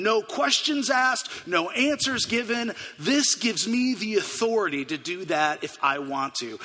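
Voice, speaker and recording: A man playing a stern, officious male drug agent who speaks slowly and commandingly. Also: a little high, bright, forceful tone, full character voice. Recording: long hall reverb.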